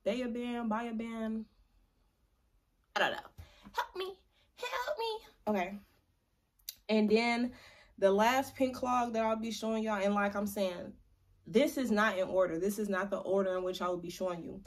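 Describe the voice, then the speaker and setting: Young woman vlogger, chatty and playful, drags words out for emphasis, average pitch. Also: fairly even intonation, normal speed. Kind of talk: casual vlog chat to camera.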